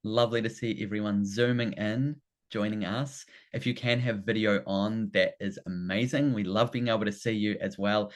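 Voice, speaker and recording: A man's voice: lowish voice, fairly even intonation, normal speed. Upbeat New Zealand man hosting a webinar. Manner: enthusiastic, keeps repeating "fantastic" and "amazing". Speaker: workshop host. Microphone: video call.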